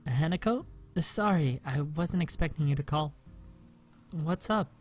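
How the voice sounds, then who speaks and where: A man's voice: on the high side, expressive, unhurried, faint music behind, pitched above the performer's own voice. Mild, polite teen boy, a bit unsure, read by a let's-play host. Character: mild-mannered teenage boy answering a call.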